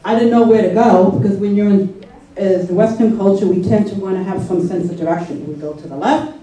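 A woman's voice: mid-range voice, a little fast, mellow. A woman telling a personal story to an audience in a conversational way, often checking in with her listeners. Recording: echoey room from far off, faint noise.

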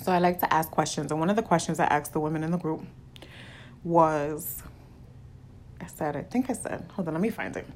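Woman podcaster, young adult, candid and confessional, swears casually, slightly low voice. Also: brisk, pauses often, a little mellow, a little hiss or hum. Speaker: podcast host.

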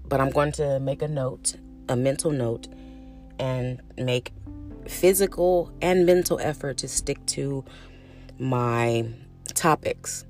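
A woman's voice: a bass voice, takes it slowly, darkish tone, faint music behind. A middle-aged woman hosting her own podcast, talking frankly in a casual, chatty way, cussing freely and calling her listeners honey and baby. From California. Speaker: podcast host. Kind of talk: casual solo podcast monologue.

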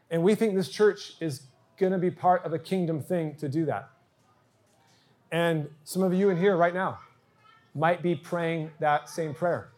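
A man's voice: fairly high pitch, unhurried, a little mellow. A middle-aged man pastor telling a personal story in a sermon, earnest and acting out the quoted dialogue.

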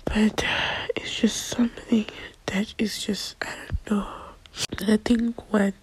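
A woman's voice: medium pitch, little pitch movement, breathy edge, dry recording, low-quality recording. Crying woman whispering a phone diary. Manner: whispering, halting, trailing off.

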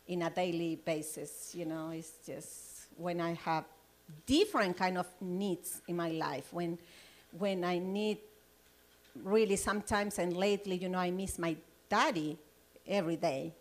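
A woman leading a Bible study, sharing her personal testimony in a lively, rambling way and laughing often. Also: fairly low pitch, a little slow. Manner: loose, rambling phrasing.

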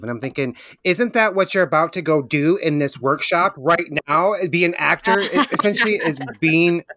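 A man's voice: on the high side, normal speed, few pauses, bright, forceful tone, no echo. A man, a guest on a podcast, in casual chat, talking animatedly and acting out quoted lines.

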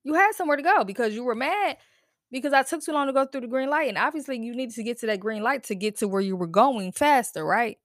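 A woman's voice: fairly high pitch, animated, quick pace, dry recording. Woman going off on a solo podcast, cussing a lot, blunt and disbelieving, dry close mic. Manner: blunt, profane, incredulous. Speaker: podcast host. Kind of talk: casual solo podcast rant.

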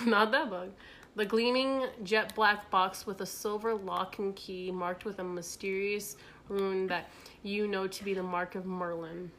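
A woman's voice: mid-range voice, fairly even intonation, measured pace, a bit bright, slight background noise. A young woman co-hosting a casual podcast, reading quiz questions aloud with playful, giggly asides. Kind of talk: casual chat.

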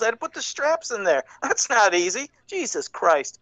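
A man hosting a live-streamed show, chatting casually, profane and rambling, reading names out loud. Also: sits high, very animated, moderate pace, few pauses, no echo, low-quality recording. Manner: profane, rambling, laughs often. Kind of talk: casual livestream chat.

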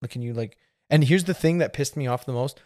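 A man's voice: medium pitch, fast, a little mellow, no room sound, clean studio sound. A man in his thirties hosting a podcast, telling a rambling story with lots of fillers and laughing as he goes. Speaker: podcast host. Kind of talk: casual storytelling.

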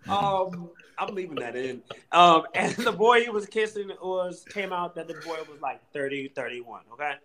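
Animated, emphatic male podcast host. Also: high voice, moderate pace, few pauses, low-quality recording. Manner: animated, emphatic storytelling with slang. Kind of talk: casual chat.

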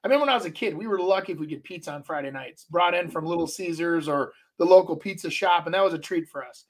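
A middle-aged man with a notably high-pitched voice talks in loose, rambling stories. He trips over his own starts and then barrels on as a podcast co-host. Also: fast. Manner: rambling storyteller, many restarts. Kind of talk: casual chat.

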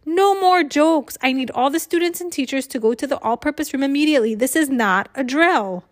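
A woman's voice: sits high, animated, brisk, pitched above the performer's own voice. A woman reading a children's book aloud and voicing a stern man, a school security guard, who gives urgent orders. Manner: commanding, urgent.

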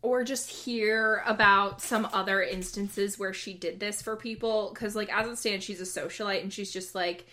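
A woman's voice: medium pitch, steady tone, moderate pace, few pauses, bright, forceful tone. Young woman co-host with a dry, skeptical take in casual chat. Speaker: podcast co-host.

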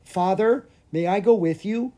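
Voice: measured pace, warm tone, highs cut off, natural voice. A reader voicing an eager young boy prince in a children's storybook reading. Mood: pleading. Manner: eager, pleading, pitch jumps up.

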